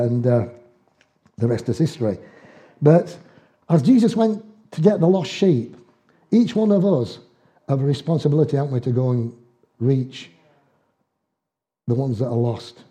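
An older man preaches a sermon, telling homely stories in dialect and chuckling as he goes. His voice is fairly high-pitched and warm, giving it a folksy storytelling feel.

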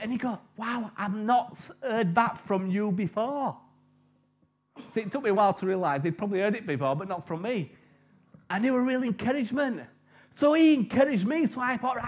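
A man preaching an informal sermon, chatty and jokey, telling personal stories, on a dull lo-fi recording. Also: high-pitched.

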